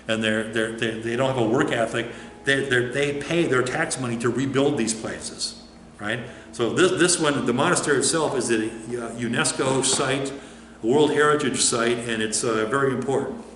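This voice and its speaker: A man's voice: mid-range voice, a bit bright, slight background noise. A man, a pastor giving an informal slide-show history lecture, asking his listeners questions and answering them himself, with many fillers and restarts. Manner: conversational, asks the audience questions and answers them; frequent fillers and repeated starts. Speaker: pastor teaching a history class. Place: church hall or classroom. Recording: echoey hall, picked up from a distance.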